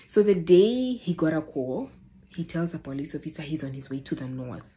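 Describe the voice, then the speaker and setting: A young woman telling a personal story to the camera, animated and exasperated, often calling out to her viewers. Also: deep voice, quick pace. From Namibia. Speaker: vlogger. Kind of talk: casual storytime.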